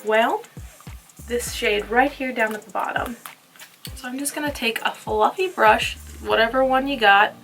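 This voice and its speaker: A young woman chatting casually through a makeup tutorial, playful and sometimes dropping to soft murmurs. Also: a little high, a little slow, soft background music. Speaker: beauty vlogger.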